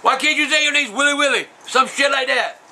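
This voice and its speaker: A man's voice: very high-pitched, brisk, pushed and bright, full character voice, low-quality recording. A man playing a cranky, foul-mouthed old trailer-park man who rambles and hurls insults while answering questions in a comedy Q&A. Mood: cursing. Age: older. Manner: profane, rambling, insulting ranting. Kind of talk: comedic character Q&A.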